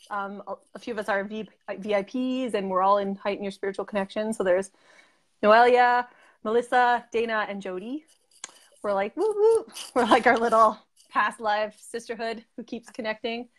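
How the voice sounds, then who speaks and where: A young woman talks in a bubbly, gushing way as an interview guest. Her speech is full of "like" and quick asides. She has a mid-range voice for a woman. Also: medium pitch. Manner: gushing, chatty, frequent "like" and laughs. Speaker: interview guest, group member. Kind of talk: casual chat.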